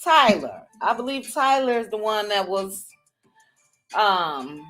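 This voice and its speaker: A woman hosting a livestream, greeting viewers by name in a casual chat with drawn-out, chatty greetings. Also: mid-range voice, animated, a bit bright, faint music behind. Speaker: livestream host.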